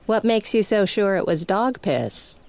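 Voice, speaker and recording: A peppy, off-kilter widowed neighbor. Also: female voice, mid-range voice, big pitch swings, measured pace, a little mellow, no echo. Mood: probing. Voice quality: peppy, sing-song. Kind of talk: audio drama acting.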